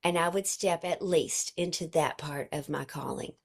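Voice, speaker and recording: A woman's voice: low-pitched, moderate pace, vocal fry, husky. A woman telling an emotional personal story to her sales team in an earnest way. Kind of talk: personal storytelling to an online group.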